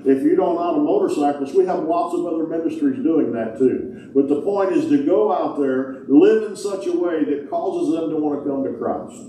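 A man's voice: on the high side, mellow, a little hiss or hum. A man preaching a sermon as pastor, folksy and joking, with casual grammar. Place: large church sanctuary. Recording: echoey hall, distant mic.

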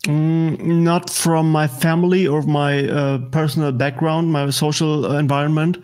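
German guest, non-native English, fairly high male voice, halting and filler-heavy. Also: fairly even intonation, darkish tone. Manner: halting, many fillers and restarts. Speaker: guest political commentator. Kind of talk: casual interview chat.

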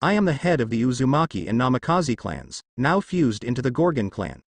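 A man reading out a cold, arrogant young ninja clan head who talks down to everyone in a flat, mocking tone. The voice sits at a middle pitch but moves up and down a lot. It sounds dry and close, with no room around it. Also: fairly quick, vocal fry, no room sound.

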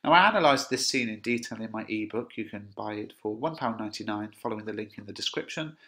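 Bright-voiced English teacher explaining a play. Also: male voice, on the low side, lively intonation, quick pace. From England. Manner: reads lines dramatically, then explains in plain casual words. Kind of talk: lesson reading and paraphrasing a play.

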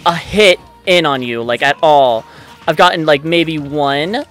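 A man giving live commentary on his own gameplay, excitable and frustrated, swearing often. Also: on the high side, a little slow. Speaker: let's play gamer. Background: faint game music.

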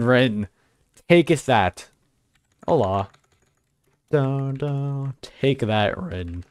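A man's voice: mid-range voice, lively intonation, moderate pace, dry recording, studio quality. A young man live-streaming a game, chatting casually and teasing his viewers in a joking way. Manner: joking, teasing chat banter.

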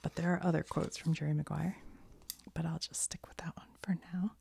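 A woman with a cold talking in a soft-spoken ASMR style, half whispering and rambling gently, correcting herself as she goes. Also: low-pitched, little pitch movement, fairly quick, slight background noise. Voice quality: soft, breathy whisper drifting in and out. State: has a cold. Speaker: ASMR creator.

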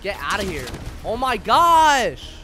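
Young guy yelling over his game, high voice, faint music behind, hyped and slangy. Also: very animated, takes it slowly. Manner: hyped, slangy, talks to opponents. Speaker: gaming YouTuber. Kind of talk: excited gameplay commentary.

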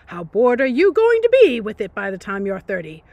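A woman reading aloud, voicing an exasperated father who scolds loudly. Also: mid-range voice, huge pitch swings, normal speed, no echo, lo-fi sound. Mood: ranting. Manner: loud, scolding. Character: exasperated ranting middle-aged dad.

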